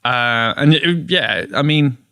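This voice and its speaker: A man chatting as a podcast guest, retelling his story with animated quoted voices and bursts of laughter. His voice sits in an ordinary middle pitch. The sound is dry and close to the mic. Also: slow, smooth, no echo. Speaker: gig promoter, guest. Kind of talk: casual interview chat. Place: podcast studio.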